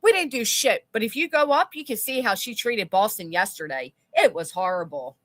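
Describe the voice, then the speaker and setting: A woman with a mid-range, expressive, fairly bright voice hosts a livestream at a moderate pace, with no room sound. As a commentary channel host, she reads chat comments aloud and responds with blunt, sarcastic remarks and casual swearing.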